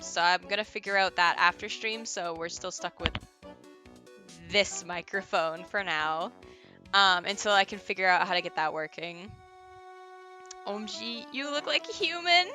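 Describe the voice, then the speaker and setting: A woman's voice: mid-range voice, sharp tone. Giggly chatty woman streamer. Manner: chatty and giggly, reads chat aloud. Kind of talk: casual gaming stream chat.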